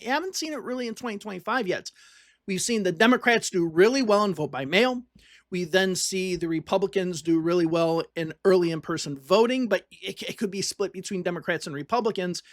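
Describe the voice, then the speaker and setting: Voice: medium pitch, dry recording, clean studio sound. A political commentator from the northern United States, talking casually and reading on-screen text aloud, often repeating points for emphasis.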